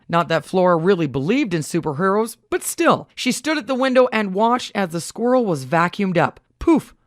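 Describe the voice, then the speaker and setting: A woman reading a children's novel aloud with an expressive, varied delivery. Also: mid-range voice, no echo, studio quality. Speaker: reader. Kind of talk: storybook read-aloud.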